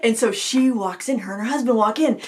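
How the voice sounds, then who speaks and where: A woman's voice: a little high, brisk, darkish tone. A woman in her forties from Maine, a craft vlogger chatting casually to camera, rambling and laughing often.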